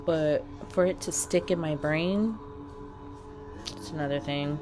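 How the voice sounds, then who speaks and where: A woman vlogger telling a personal story to the camera in a chatty, expressive way, talking straight to her viewers. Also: deep voice, a little slow, over music.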